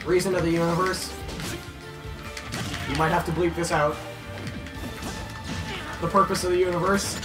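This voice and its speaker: A young man swapping loud, profane trash talk while playing a fighting game with friends. His voice sits high. Music plays clearly underneath. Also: flat delivery, normal speed, long pauses. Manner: loud, swearing, trash-talking. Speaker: gamer. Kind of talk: casual gaming banter.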